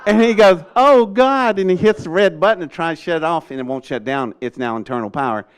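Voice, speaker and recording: An older man telling a story in a lively way. He laughs often and acts out what other people said. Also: fairly high pitch, quick pace, clear, resonant tone. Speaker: speaker recounting a rocket test. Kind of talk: animated storytelling talk.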